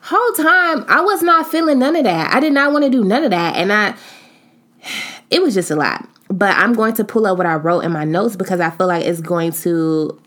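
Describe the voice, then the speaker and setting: Expressive woman in her late twenties, emphatic. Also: medium pitch, normal speed. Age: 20s. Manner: emphatic, expressive, slangy, talks straight to listeners. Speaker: podcast host. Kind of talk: candid reflective monologue.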